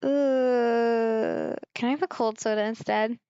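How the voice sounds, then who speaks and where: A woman from Germany reads a story game aloud on stream, breaking off for chatty remarks to her viewers. Her voice is fairly high, recorded dry and a little muffled. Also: fairly even intonation, slow, dark tone, clean tone, no echo. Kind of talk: reading a visual novel aloud with live commentary.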